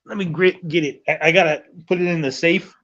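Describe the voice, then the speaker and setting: Animated, profane man on a lo-fi call. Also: fairly high pitch, fairly quick. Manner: animated, profane, acts out others' lines. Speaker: podcast host. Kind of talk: casual chat, storytelling. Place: hotel room.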